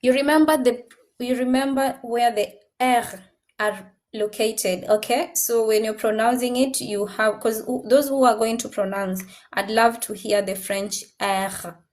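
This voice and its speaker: Woman, slow and deliberate, teaching French in a classroom and drilling words over and over. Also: on the high side, fairly even intonation, a little mellow. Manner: drills pronunciations by repeating words slowly. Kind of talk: classroom language lesson. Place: classroom with students.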